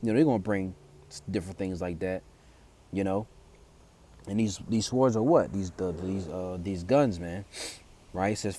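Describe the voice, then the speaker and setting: A male preacher giving an informal commentary that mixes scripture and news. His voice sits low and mellow, and he reads passages aloud before talking them through in loose, halting speech with many fillers and restarts. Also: slight background noise. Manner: reads verses aloud, then explains them.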